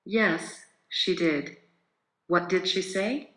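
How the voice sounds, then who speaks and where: A man reenacting a courtroom closing argument, reading questions and answers from a court transcript in one steady voice. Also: sits high, extremely slow, echoey room, low-quality recording.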